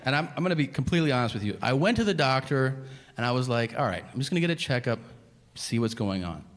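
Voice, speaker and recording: A man performs stand-up into a handheld stage mic, his voice leaping high in mock disbelief as he plays out both sides of his stories. His delivery is profane and lively, with a very wide swing of pitch. A noticeable hiss of noise sits under the live recording. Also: fast talker. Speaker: stand-up comedian. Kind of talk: stand-up comedy storytelling. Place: comedy stage before a laughing audience.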